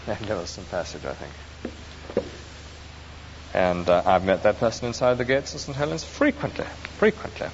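A man's voice: sits low, expressive, moderate pace, long pauses. A man preaching an earnest, emphatic sermon, explaining scripture to his congregation. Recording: dull echoey hall recording with faint hiss.

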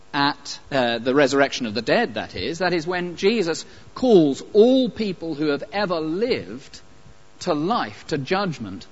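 Animated preacher, lo-fi sound. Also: male voice, a little high, breathy edge. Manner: emphatic, animated preaching with pauses and asides. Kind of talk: sermon. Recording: dull lo-fi recording.

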